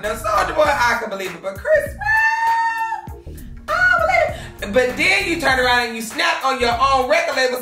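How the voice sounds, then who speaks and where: Loud, laughing woman gossip host. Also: sits high, reverberant, distant mic. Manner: loud, laughing, swearing, shouting. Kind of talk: loud casual gossip commentary.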